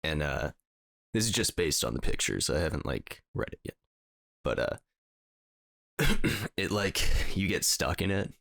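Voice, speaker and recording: Young guy podcast cohost, really deep gravelly voice, rambles a lot, dry sound. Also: sing-song, unhurried, long pauses, fairly bright tone, dry recording. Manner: rambling, lots of fillers. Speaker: podcast co-host. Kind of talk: casual chat.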